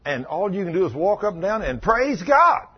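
A man preaching a sermon, telling stories in a fervent, animated way with a husky voice. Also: high voice, normal speed, lo-fi sound.

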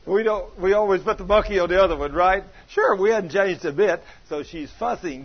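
A man's voice: high-pitched, unhurried. A man preaching with folksy storytelling, using plain country grammar and laughing as he talks. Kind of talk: sermon with storytelling. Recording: dull lo-fi sermon recording.

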